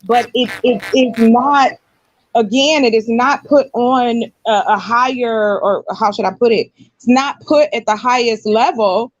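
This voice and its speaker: A woman's voice: on the high side, a little slow, dry recording. Frank woman on a muffled call. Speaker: panel guest. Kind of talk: live panel discussion.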